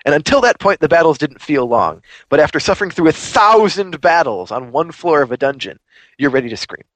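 A man's voice: fairly high pitch, expressive, fairly quick, a bit bright, no echo. A man hosting a podcast, ranting animatedly in casual chat. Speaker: podcast host.

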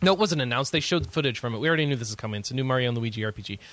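A man's voice: mid-range voice, very fast, no room sound. A man co-hosting a gaming podcast, joking and reading the news in a mock-announcer manner. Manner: lively, jokey, mock-announcer delivery. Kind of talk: casual banter.

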